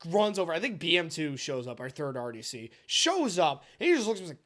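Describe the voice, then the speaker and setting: A young man in his twenties co-hosts a casual podcast and tells a story with plenty of swearing. His voice sits a little high and swings widely in pitch, and now and then he breaks into loud shouted impressions. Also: big pitch swings, quick pace. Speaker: podcast co-host.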